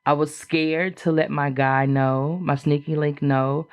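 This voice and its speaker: Speaking at a measured pace with a clean tone, a woman shares a personal story as a podcast guest. She's animated, frank and chatty, leans on frequent fillers, and voices what others said with large pitch leaps.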